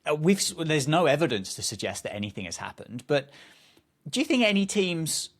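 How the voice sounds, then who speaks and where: A man's voice: a little high, sing-song, brisk. A male podcast host in casual chat, playful and rambling with plenty of enthusiasm.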